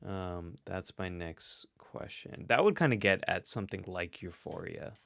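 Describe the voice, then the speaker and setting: A man who is a host and psychologist runs a casual livestream guessing game, thinking out loud and reading chat comments. His voice is deep with vocal fry, somewhat slow and a bit bright, in studio quality with no room sound.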